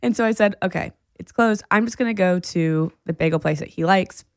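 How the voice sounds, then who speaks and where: A woman with a low, gravelly voice tells a story as a podcast co-host. She talks in a casual, animated way and laughs often. The recording is close and dry. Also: fairly quick, dry recording. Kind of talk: casual chat.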